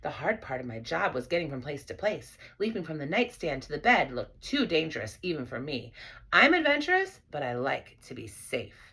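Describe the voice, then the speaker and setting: A woman narrating a children's storybook in an expressive, playful first-person voice. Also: sits low, moderate pace, slightly rough. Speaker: audiobook reader.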